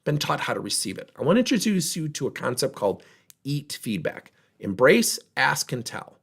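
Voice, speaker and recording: A man's voice: medium pitch, normal speed, creaky, slightly rough. A man giving a motivational workshop talk, telling stories and acting out the people in them. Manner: animated storyteller, voicing others in dialogue. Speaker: workplace trainer and speaker.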